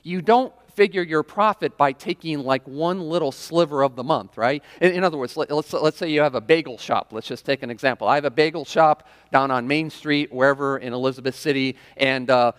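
A man's voice: on the high side, fairly quick, few pauses, smooth. Male pastor, casual chatty sermon delivery, frequent audience check-ins, voice carrying a long church-hall reverb. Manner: conversational preaching with frequent "right?" and audience questions. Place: church sanctuary.

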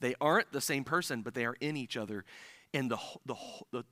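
A man's voice: mid-range voice, fairly quick, pushed and bright, dry recording, clean studio sound. A man preaching a sermon in church, earnest and building to emphatic points.

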